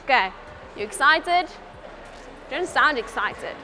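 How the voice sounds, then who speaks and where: A woman giving a motivational talk to schoolgirls at a car dealership, lively and coaxing, often asking her audience questions. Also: a little high, moderate pace, over music, crowd noise. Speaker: motivational speaker at a workshop.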